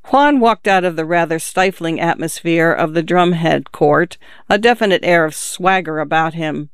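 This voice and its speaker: A man narrating a story at a measured, even pace. His voice is fairly high and notably smooth and clear. It is recorded close and dry, with no room sound. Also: no room sound. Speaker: audiobook narrator. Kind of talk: scripted narration.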